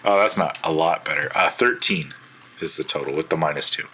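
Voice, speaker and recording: A man's voice: extremely low pitch, fairly quick, heavy background noise. A man playing in a tabletop game, chatting casually about his rolls. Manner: casual, laughing asides. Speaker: player.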